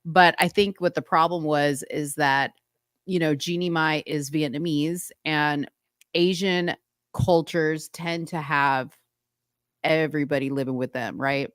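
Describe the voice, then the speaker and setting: A woman co-hosting a casual chat, animated and gossipy as she tells stories and laughs often. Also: low-pitched, unhurried, no room sound, clean studio sound. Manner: gossipy storytelling. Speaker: podcast co-host.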